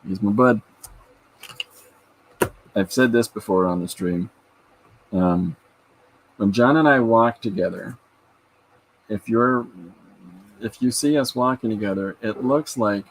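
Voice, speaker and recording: A man with a low, husky voice talks casually on his own show, drifting from one story to the next as he draws. His delivery is loose and chatty. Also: rough recording. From Canada. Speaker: podcast host and artist. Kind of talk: casual chat while drawing.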